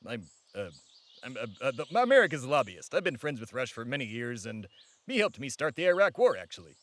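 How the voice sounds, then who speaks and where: A man's voice: mid-range voice, very animated, fairly quick, a bit bright. A man hosting a comedy podcast in a pompous, boastful, crude comic persona.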